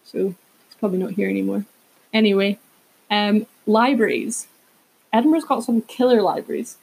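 A woman hosts a relaxed solo podcast in a slightly husky, breathy voice. She rambles from tangent to tangent and stops to correct her own words along the way. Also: mid-range voice, moderate pace, poor audio. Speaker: podcast host. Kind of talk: casual solo podcast chat.

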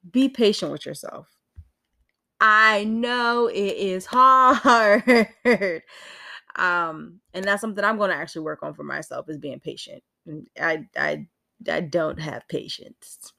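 A woman talks through her own podcast episode in a loose, candid way, laughing often and swearing now and then. Her voice sits a little low, and the talk rambles comfortably as she shares her thoughts. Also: sharp tone. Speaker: podcast host. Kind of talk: casual solo podcast talk. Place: indoors at home with rain outside.

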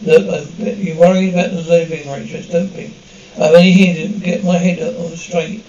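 A man's voice: fairly high pitch, little pitch movement, moderate pace, dark tone, slight background noise, close to an everyday voice. A man playing a breezy, joking TV-detective actor. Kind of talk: TV drama dialogue. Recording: muffled, roomy TV audio from a distance.

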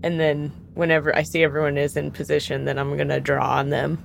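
Playful woman player, lowish voice. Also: level tone, brisk, vocal fry, a little hiss or hum. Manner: playful, laughing, filler-heavy. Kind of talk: casual tabletop role-play.

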